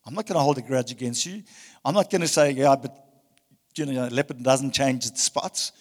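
A male pastor preaching a passionate sermon, swinging between loud emphasis and hushed tones. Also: medium pitch, normal speed, in a large hall. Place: church hall.

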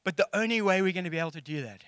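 A man's voice: high voice, animated, very fast, a bit bright, smooth, dry recording, studio quality. A middle-aged man with a South African accent preaching a casual, jokey sermon and acting out quotes. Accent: South African English.

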